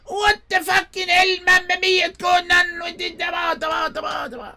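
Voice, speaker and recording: A hot-tempered restaurant owner, as a man puts him on in a story. He shouts in broken English with a put-on Italian accent, his voice pitched far above the teller's own, with a gravelly edge and a bright, sharp tone. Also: flat delivery, moderate pace, soft background music, full character voice. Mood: furious.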